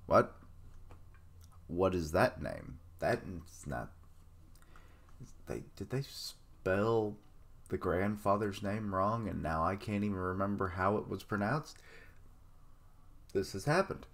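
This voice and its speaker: A man's voice: sits low, lively intonation, slow pace, vocal fry, pauses often. A man giving casual live reaction commentary on an anime, blurting out surprised remarks and swearing casually. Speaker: reaction streamer.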